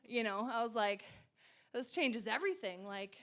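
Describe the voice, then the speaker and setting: A woman with a high voice tells her story in a loose, chatty way. She laughs a lot and jumps up into excited bursts when she quotes herself or others. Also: moderate pace. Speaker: guest sharing her testimony. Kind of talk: casual personal storytelling.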